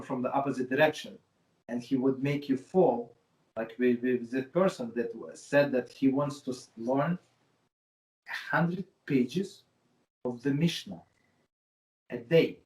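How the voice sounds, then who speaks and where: A man who teaches Torah classes, talking casually in halting, repetitive sentences. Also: medium pitch, far from the mic. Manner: hesitant, repeats words, slightly non-native phrasing. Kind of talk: casual discussion. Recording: roomy echo.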